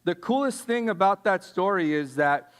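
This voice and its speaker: A man giving a casual sermon, telling stories in an animated, slangy way with lots of fillers. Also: high-pitched, normal speed, clean tone. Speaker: youth speaker.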